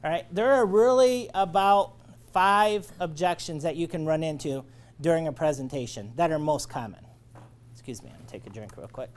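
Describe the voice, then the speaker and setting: A man's voice: a little high, animated, moderate pace. Coaching male sales trainer. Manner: coaching, checks in with "all right?". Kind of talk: training lecture.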